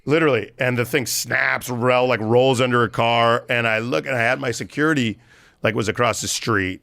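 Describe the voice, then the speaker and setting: A man's voice: medium pitch, vocal fry, a bit bright, no echo. A man guest on a podcast, telling a story in a rambling, casual way with many fillers. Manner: rambling, lots of "like" and restarts.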